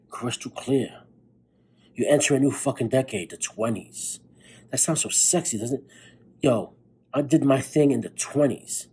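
Young male podcast host, husky and mellow, tired late-night swearing pep talk. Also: on the high side, rough recording. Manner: blunt, profane, fired-up pep talk. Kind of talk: motivational monologue.

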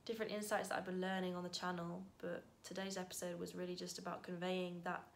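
A woman talking casually to her camera in a heartfelt vlog, thanking viewers and reflecting softly with sudden bright bursts. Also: on the low side, level tone, fast talker, creaky, slight background noise. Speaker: vlogger.

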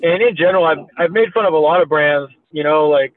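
A man's voice: a little high, brisk, no echo. A man in his thirties telling a story in a rambling, profane way, packed with "like" and "you know". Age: 30s. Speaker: meme creator guest. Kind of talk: casual storytelling in a podcast chat. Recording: tinny phone-like audio.

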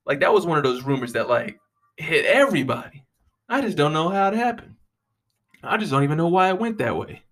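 A man's voice: a little high, sing-song, fairly quick, fairly bright tone. Rambling, profane young man. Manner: rambling, profane, lots of "you know what I mean". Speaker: podcast host. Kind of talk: casual solo monologue.

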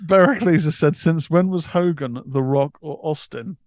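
A man's voice: a little high, normal speed, darkish tone, dry recording, studio quality. A British man co-hosting a casual wrestling podcast, laid-back, reading out history bits and laughing easily. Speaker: podcast co-host.

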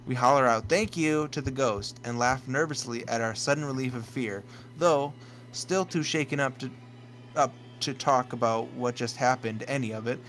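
A man of ordinary pitch reads a scary story aloud on a casual comedy podcast. He trips over words, restarts lines and laughs his way through the telling. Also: normal speed, a bit bright, poor audio. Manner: stumbles and restarts, laughs mid-sentence. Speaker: podcast co-host.

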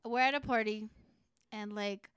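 A young woman co-hosting a podcast, telling stories in a profane, animated, casual way. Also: medium pitch, unhurried, smooth, no echo, clean studio sound. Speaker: podcast co-host. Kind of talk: casual chat.

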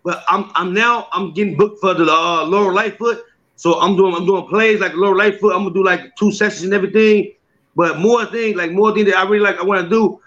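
A man with a high, bright voice tells stories in a relaxed interview, acting out the voices he quotes and laughing often. The recording is slightly muffled and lo-fi. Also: a little fast. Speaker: comedian and skit maker. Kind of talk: casual interview.

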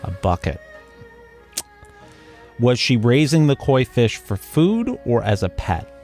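A man's voice: mid-range voice, slow pace, soft background music. A man who was once a police sergeant, chatting casually on a podcast game, teasing and swearing, calling his co-host bro. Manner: animated, teasing, swears, calls partner bro.

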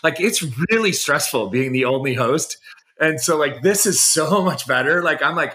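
A man co-hosting a podcast, chatting casually and warmly, with many fillers like "like". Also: fairly high pitch, expressive, moderate pace. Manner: effusive, heavy use of "like", warm praise. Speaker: podcast co-host. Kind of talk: casual chat.

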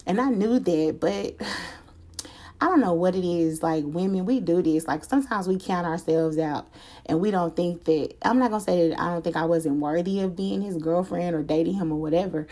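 A woman's voice: on the low side, moderate pace, a little mellow. A woman telling a personal story to her viewers in a casual storytime chat, candid and slangy, swearing freely.

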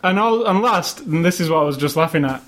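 A man's voice: fairly high pitch, animated, fast, fairly bright tone. A man co-hosting a casual film review chat, rambling and joking, acting out scenes in put-on voices. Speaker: podcast co-host.

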